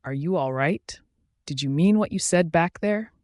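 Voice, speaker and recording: Man doing worried young guy friend, quick anxious questions, slightly raised voice, dry close sound. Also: fairly high pitch, a little mellow, no echo, voice pushed up, natural voice.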